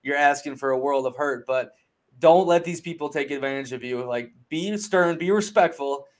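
A man's voice: mid-range voice, normal speed. Profane, rambling man telling stories. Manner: profane, rambling storyteller with frequent fillers. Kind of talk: casual chat.

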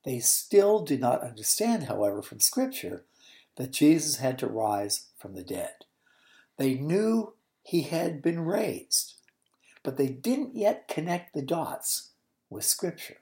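A woman's voice: low voice, big pitch swings, slow pace, dark tone. A woman giving expository Bible teaching, retelling the story expressively and explaining original-language words.

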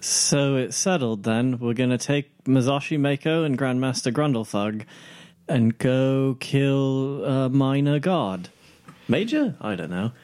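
A man chats as a player at a tabletop game, offhand and joking. His voice is mid-pitched. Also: slow pace, a little mellow, clear, resonant tone. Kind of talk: casual tabletop chat.

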